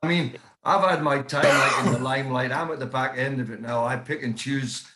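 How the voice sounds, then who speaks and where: English musician with a roomy echo. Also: male voice, medium pitch, a little fast, very noisy. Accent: English, softened by years in the United States. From England. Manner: chatty, repeats words for emphasis. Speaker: guest musician and promoter. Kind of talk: casual podcast chat.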